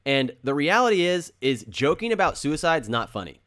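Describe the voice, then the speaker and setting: A man's voice: fairly high pitch, very animated, moderate pace, a bit bright. A man hosting a crypto channel, talking casually and earnestly and repeating phrases for emphasis while he explains with drawings.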